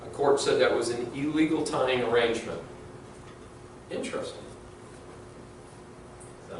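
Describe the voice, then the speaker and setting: A man's voice: mid-range voice, unhurried, recorded from a distance. A middle-aged male law professor giving a conversational classroom lecture full of anecdotes, fillers and restarts. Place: large classroom. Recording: echoey classroom recorded from afar, faint hiss.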